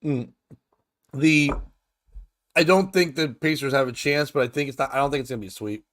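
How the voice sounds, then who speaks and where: A man's voice: medium pitch, brisk, a bit bright, no echo. A man hosting a morning talk show, talking loosely and crudely, rambling and laughing as he retells stories. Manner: crude, rambling, laughs often, acts out quotes. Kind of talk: casual chat.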